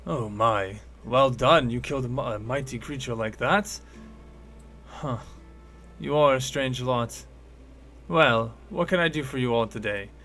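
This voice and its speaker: A man's voice: mid-range voice, a little slow, fairly bright tone, soft background music. A man voicing an older male shopkeeper who is friendly and businesslike, haggling over prices in folksy merchant talk. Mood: impressed.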